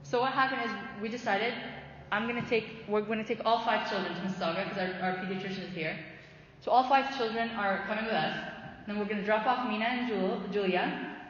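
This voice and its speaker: A woman in her thirties tells stories in a loose, chatty way, full of fillers and small restarts, at an ordinary mid pitch. Her voice rings through a big hall with a long tail, and the sound is a little dull and muffled. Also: fairly quick. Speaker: faith talk speaker. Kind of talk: casual faith talk with storytelling.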